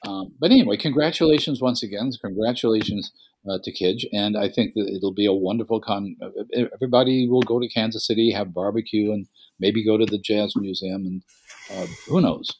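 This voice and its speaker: A man co-hosting a casual podcast from his apartment, rambling gently with restarts and joking asides. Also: on the low side, brisk, slight background noise. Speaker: podcast co-host. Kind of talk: casual chat. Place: apartment at home.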